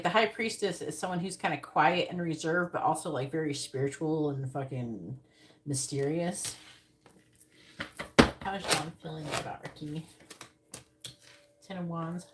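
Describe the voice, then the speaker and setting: A woman's voice: sits low, normal speed. Blunt, foul-mouthed woman reading tarot. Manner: blunt, profane, sounds angry. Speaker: tarot reader. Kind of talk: live-stream tarot reading. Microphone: earbuds. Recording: loud background noise.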